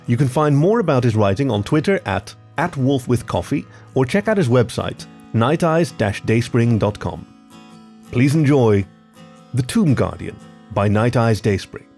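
A man hosting a podcast and narrating a story in a lively, expressive reading style. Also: mid-range voice, measured pace, soft background music.

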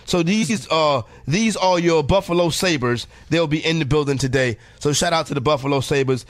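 High-pitched animated guy hosting radio, cracks jokes, trips over names, dry close sound. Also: normal speed, no room sound. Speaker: radio show host. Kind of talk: casual radio banter. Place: radio studio.

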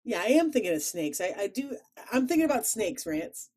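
A woman's voice: medium pitch, sing-song, a little fast, mellow. A woman with a Chicago accent co-hosting a podcast, chatting in a playful, rambling way and laughing easily. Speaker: podcast co-host. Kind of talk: casual chat.

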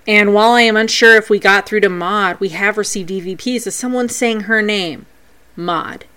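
A woman with a mid-range voice speaks at a normal speed as a podcast host. She recounts her paranormal investigations in a scripted yet playful way, animated throughout.

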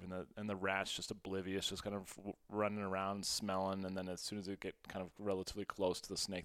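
Casual male host, low and smooth, telling an animated story and laughing often. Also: fast talker, few pauses, no room sound. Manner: animated, swings between hushed and loud; laughs often, quotes himself. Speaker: podcast host.

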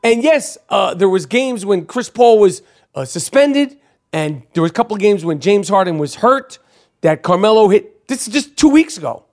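A man hosting a sports podcast, talking in a profane, animated, rambling way. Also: sits high, moderate pace. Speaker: podcast host. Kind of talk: casual sports podcast rant.

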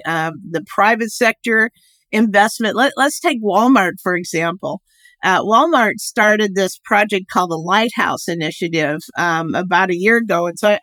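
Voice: mid-range voice, fairly bright tone, no echo. An expert guest giving long, rambling interview answers with many fillers and restarts.

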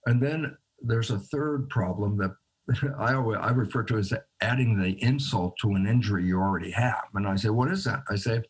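A man's voice: fairly low pitch, moderate pace, slightly rough. A man, a guest scientist in a conversational interview, explaining by acting out both sides of a dialogue and chuckling between phrases.

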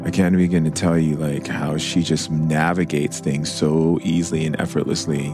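Man, very low voice, effusive podcast host, music behind. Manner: effusive, gushing praise. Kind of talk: warm interview wrap-up.

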